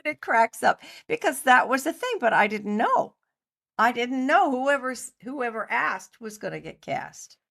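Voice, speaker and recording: A middle-aged woman, a guest on an interview show, telling a story in a lively, chatty way and acting out other people's lines. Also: fairly high pitch, a little slow, vocal fry. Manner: animated anecdote teller, acts out other people's lines. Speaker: interview guest, costumer and actor.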